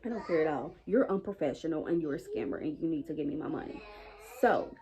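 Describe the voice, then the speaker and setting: A woman telling a story casually while working out, animated and exasperated as she acts out her own side of conversations. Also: low-pitched, quick pace, lo-fi sound, background noise.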